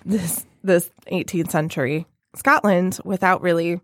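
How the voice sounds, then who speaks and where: Rambling woman, low voice, dry sound. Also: fairly even intonation, unhurried, fairly bright tone, no echo. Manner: rambling, many fillers and restarts. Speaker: podcast co-host. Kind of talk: casual chat.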